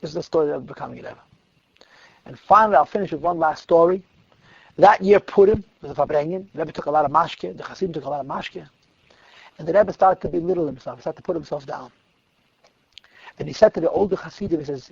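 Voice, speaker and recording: A man, a rabbi, telling stories in a lecture, lively in the telling and dropping to quiet asides. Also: on the high side, quick pace, creaky, pauses often, breathy edge, no room sound, muffled recording. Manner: animated retelling that drops to quiet asides. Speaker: rabbi teaching a class. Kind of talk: storytelling lecture.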